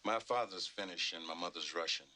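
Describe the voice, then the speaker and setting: A man's voice: sits low, fairly quick, a little hiss or hum. A man in a spoof comedy film playing a brash boss. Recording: film soundtrack with loud music.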